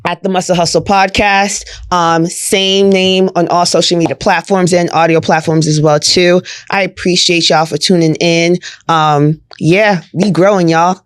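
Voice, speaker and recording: A woman's voice: on the low side, steady tone, a little slow, few pauses, clear, resonant tone, no echo, clean studio sound. A woman hosting a podcast in casual chat, signing off with hyped, slangy energy. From Houston, Texas. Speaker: podcast host.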